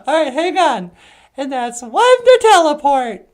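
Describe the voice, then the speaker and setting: A woman's voice: high-pitched, very animated, measured pace, darkish tone. A woman co-hosting a comedy show, cheerful and laughing often. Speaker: co-host.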